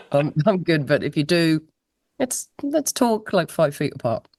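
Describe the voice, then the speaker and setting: A woman's voice: sits low, sing-song, a little slow, a little mellow, no room sound, clean studio sound. A woman, a musician guest telling anecdotes in a chatty, laughing way over a laptop video call. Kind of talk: casual interview chat.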